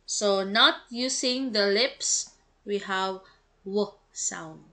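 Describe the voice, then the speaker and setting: Slow-talking teacher woman, bright voice. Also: medium pitch. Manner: slow, explanatory, mixes English with Cebuano. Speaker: English teacher. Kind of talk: reviewing test answers.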